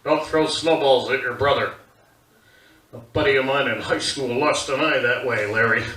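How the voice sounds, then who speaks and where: A man's voice: mid-range voice, normal speed, recorded from a distance, voice pushed down, close to an everyday voice. A man playing a short-tempered 1970s father who barks orders from his recliner, recorded in a roomy live theater with an audience. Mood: scolding. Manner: barking, short-tempered yelling. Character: gruff angry 1970s dad in a recliner.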